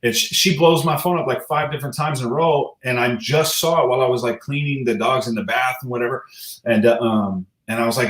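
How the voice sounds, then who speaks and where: A man's voice: mid-range voice, fairly quick, a bit bright. Laughing, profane man in an echoey room. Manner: loose, profane, laughing storyteller. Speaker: guest rapper. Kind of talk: casual interview chat.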